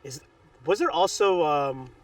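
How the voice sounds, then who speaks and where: A man hosts a casual podcast chat, cutting in with eager, quick reactions. His voice sits fairly high for a man, and he sounds a little far from the microphone in a dry room. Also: lively intonation, fairly bright tone, no room sound. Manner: enthusiastic, quick short reactions. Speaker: podcast host.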